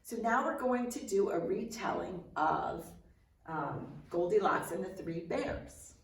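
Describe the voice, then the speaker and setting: Slow, gentle woman telling a bedtime story. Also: fairly low pitch, animated, gravelly, a little hiss or hum. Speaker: children's librarian. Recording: roomy echo, distant mic.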